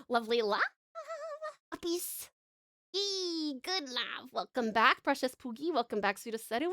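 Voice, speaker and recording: A bubbly woman chats with her stream viewers in a high, lively voice that swoops up and down. She sounds dry and close to the mic, with faint music playing behind her. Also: no echo. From Tasmania, Australia. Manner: bubbly, affectionate, giggly, swears casually. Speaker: VTuber streamer. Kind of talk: casual live-stream chat with viewers.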